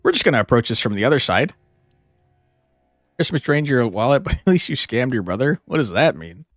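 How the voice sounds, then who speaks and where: In clean studio sound with no room echo, a young man gives live commentary on a card game in a brisk, sing-song voice of medium pitch. Between moves he talks to his chat, cursing heavily and mixing angry outbursts with laughter when fights get hard.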